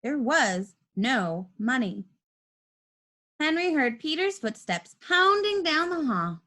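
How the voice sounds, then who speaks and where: A woman reading a children's storybook aloud, with expressive voice changes for the characters. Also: high voice. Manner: lively, expressive reading with quick shifts for characters.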